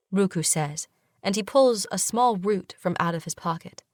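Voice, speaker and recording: Low-voiced woman narrating an audiobook. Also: moderate pace, a little mellow, no room sound, studio quality. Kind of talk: first-person romantasy audiobook narration.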